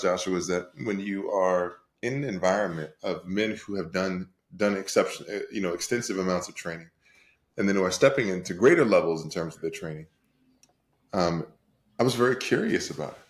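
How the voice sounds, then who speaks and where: A man telling his own story as an interview guest on a video call, animated and repetitive, often laughing. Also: deep voice, fairly quick, reverberant. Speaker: guest, coach and speaker.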